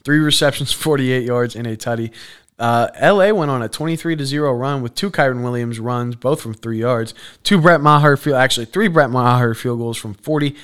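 A man's voice: mid-range voice, fairly quick, fairly bright tone, smooth. A young man hosting a casual sports podcast, reading off stat lines and then riffing in loose slang. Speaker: podcast host.

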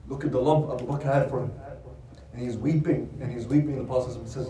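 This male religious teacher lectures in a storytelling style, posing questions and then answering them himself. His medium-pitched voice is steady and fast. He's off-mic in an echoey room, so the sound is roomy, with crowd noise in the background.

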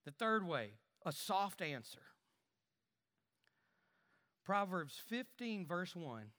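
A man preaching a sermon, animated, with repeated words, quiet asides and loud emphatic lines. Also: high-pitched, slow, pauses often. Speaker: pastor.

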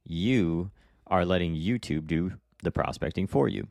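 A man's voice: sits low, a little slow, vocal fry, darkish tone, dry recording, clean studio sound. A young man hosting a solo podcast, talking casually in a rambling, chatty way with lots of "right?" and restarts. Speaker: podcast host, real estate agent.

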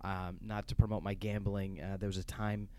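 A man's voice: low voice, moderate pace. A young man, co-hosting a podcast and talking casually with lots of fillers. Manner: relaxed, rambling with many fillers. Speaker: podcast co-host.

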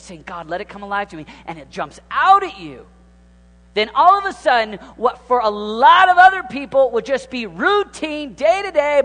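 A man in his thirties preaching informally, rambling and animated, swinging from hushed asides to excited exclamations. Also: extremely high pitch. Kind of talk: informal sermon. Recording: long hall reverb.

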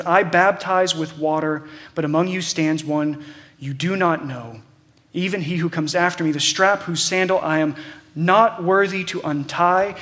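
A man's voice: on the high side, fairly bright tone. A man preaching a sermon, talking through a Bible passage in a conversational way with frequent fillers and restarts. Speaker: pastor.

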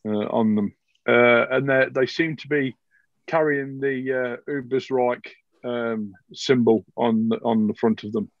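A man narrating a tabletop game as game master, halting with many fillers. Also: mid-range voice, no echo, dull audio.

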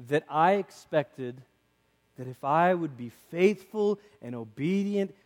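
A man preaching a conversational sermon as a pastor, lively and acting out quoted voices, in a church. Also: a little high, long reverb tail. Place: church sanctuary.

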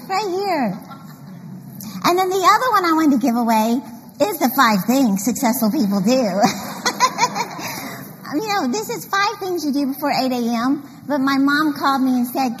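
A middle-aged woman giving an animated, story-filled motivational church talk, laughing often. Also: high voice. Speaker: women's conference speaker. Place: church hall. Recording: reverberant hall mic, faint noise.

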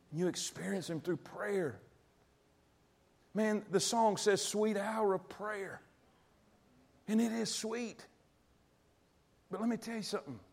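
A man preaches in an unusually high voice. He tells homespun stories, repeats his phrases for emphasis and speaks straight to his congregation. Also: vocal fry. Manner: storytelling, talks directly to the congregation. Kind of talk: sermon.

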